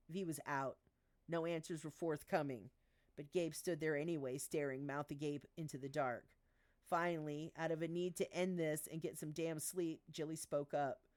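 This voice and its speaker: Woman, low voice, reads her own novel aloud on a live stream, lightly voicing the characters, stumbles and corrects herself. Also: normal speed, a little mellow. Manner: reads dialogue with small voice shifts, stumbles and restarts, laughs at her own asides. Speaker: author reading her own book aloud. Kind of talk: live-streamed book reading.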